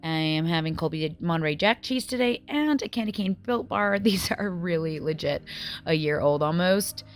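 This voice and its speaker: A woman in her forties chats casually through a food diary vlog, often sounding a little out of breath. Her voice is on the low side at normal speed, and she records in various rooms and a dance studio.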